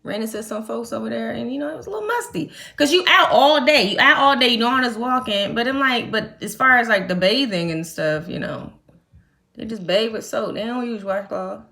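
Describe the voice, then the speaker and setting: A young adult woman from the United States chatting casually to her viewers, telling a trip story in animated, slangy talk. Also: on the high side, brisk, gravelly. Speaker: vlogger. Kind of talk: casual chat to camera.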